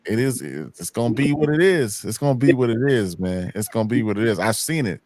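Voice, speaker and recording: Male host, 30s, low voice, loose rambling delivery, dry mic. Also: lively intonation, fairly quick, darkish tone, dry recording. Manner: rambling, restarts often, laughs easily. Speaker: podcast host. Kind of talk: casual hip hop talk show.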